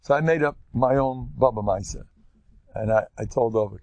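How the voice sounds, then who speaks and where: An older man from the United States, giving a lively Torah lecture as a rabbi in a joking, animated storytelling way. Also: on the low side, a little fast, creaky, no echo.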